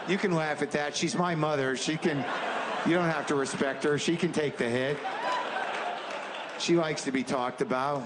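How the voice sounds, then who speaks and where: A man's voice: fairly high pitch, fairly even intonation, normal speed. Man, fifties, stand-up comedian, profane, exasperated ranting, handheld stage mic, noisy live recording. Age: 50s.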